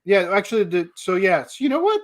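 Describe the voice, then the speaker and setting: A middle-aged man co-hosting a casual podcast chat, joking and laughing often with quick self-deprecating asides. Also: high voice, sing-song. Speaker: podcast co-host.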